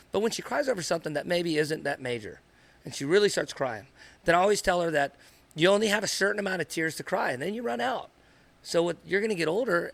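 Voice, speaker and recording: A man's voice: sits high, vocal fry, a bit bright, dry recording. A man co-hosting a podcast, speaking earnestly and in a rambling way, often repeating himself. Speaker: podcast co-host, father. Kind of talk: candid podcast conversation.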